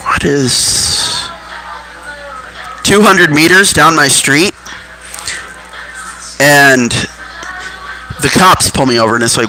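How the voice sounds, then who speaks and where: A man's voice: on the high side, big pitch swings, takes it slowly, long pauses, over music, low-quality recording. A man in his thirties telling rambling personal stories, often losing his thread. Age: 30s. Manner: digressive, loses his thread mid-story.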